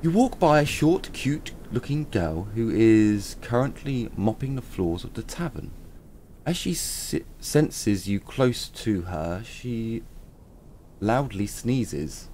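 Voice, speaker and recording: A man's voice: mid-range voice, expressive, takes it slowly, mellow, slight background noise. A man in a let's-play video, reading the game's text aloud and stumbling over words as he corrects himself. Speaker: gaming YouTuber.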